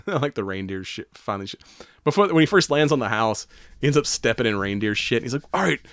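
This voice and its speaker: A man's voice: medium pitch, lively intonation, fast, fairly bright tone, no echo. A man co-hosting a casual podcast chat, laughing often, swearing freely and acting out quotes. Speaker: podcast co-host.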